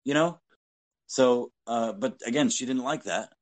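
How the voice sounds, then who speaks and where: A man's voice: medium pitch, moderate pace, darkish tone. A man co-hosting a podcast, telling casual anecdotes in a blunt, profanity-heavy way. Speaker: podcast co-host. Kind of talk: casual storytelling chat.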